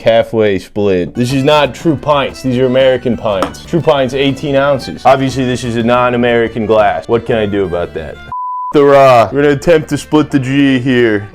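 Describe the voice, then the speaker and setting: A young man talks in a loose, rambling comic monologue from his home kitchen. He swears freely and keeps chopping words off halfway. Faint music sits low under his voice. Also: darkish tone. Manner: irreverent, swears often, cuts himself off mid-word. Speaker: comedy cooking host.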